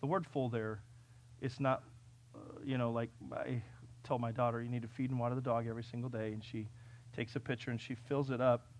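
A man from California preaching a sermon, reading scripture and telling stories, swinging between loud, urgent peaks and quiet, conversational asides. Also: medium pitch. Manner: conversational storytelling with fillers and restarts. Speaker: pastor.

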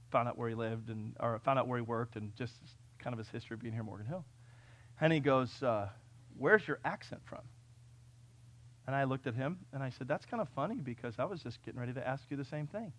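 A man from California preaching a sermon, reading scripture and telling stories, swinging between loud, urgent peaks and quiet, conversational asides. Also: medium pitch, animated, fairly quick. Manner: conversational storytelling with fillers and restarts. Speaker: pastor.

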